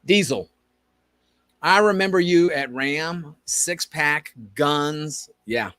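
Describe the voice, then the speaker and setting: A man co-hosting a podcast tells a long story in easy conversation, slipping into the voices of the people he quotes. His voice sits a touch higher than usual for a man, and the recording is dry and close. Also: slow, dry recording. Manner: animated, acts out quoted dialogue. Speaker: podcast co-host. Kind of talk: casual storytelling chat.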